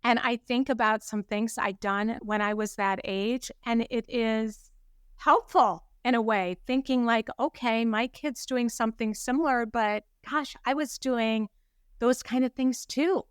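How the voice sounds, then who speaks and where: A woman's voice: on the high side, a little slow, clear, resonant tone, no echo, studio quality. A woman guesting as a parenting expert and answering in a reflective, conversational way. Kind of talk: interview answers.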